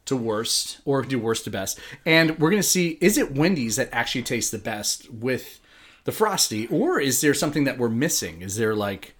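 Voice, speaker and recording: Lively joking male podcast host. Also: mid-range voice, moderate pace, slightly rough. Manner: loose, joking, rambling. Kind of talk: casual food podcast chat.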